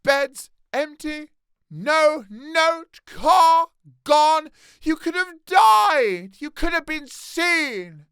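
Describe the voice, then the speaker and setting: A man voicing a frantic middle-aged mother who shouts and scolds in a shrill voice. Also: big pitch swings, very slow, vocal fry, dry recording, clean studio sound, exaggerated voice. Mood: scolding.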